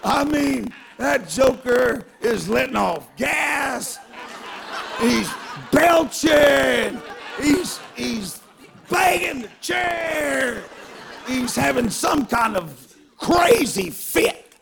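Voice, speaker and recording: A man preaching a sermon through a self-mocking story, animated and given to bursts of shouting. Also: very high-pitched, drawn-out words, vocal fry, some chatter behind, a little hiss or hum.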